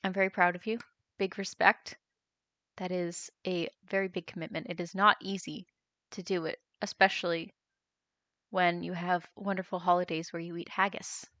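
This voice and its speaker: A woman's voice: on the low side, level tone, normal speed, sharp tone, no room sound. Young adult female streamer, casual chatter, dry close sound. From United States. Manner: chatty, reads chat aloud and reacts with laughs. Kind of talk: casual live-stream chat.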